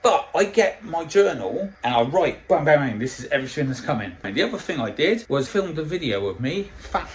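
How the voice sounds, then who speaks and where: A man's voice: a little high, big pitch swings, brisk, few pauses, low-quality recording. A middle-aged man coaching on dieting in a casual vlog, blunt and swearing constantly as he tells stories. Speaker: diet coach.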